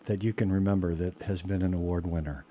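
A man with a low, mellow voice hosts a relaxed interview. He asks curious questions and teases his guest gently, keeping the talk light. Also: fast talker. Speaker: radio host. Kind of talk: casual radio interview.

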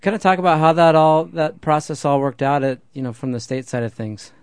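Quick-talking male interviewer, dry sound. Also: fairly high pitch, clean tone, no echo. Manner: prompts guests with loose, casual questions. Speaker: host, interviewer. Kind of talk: interview questions.

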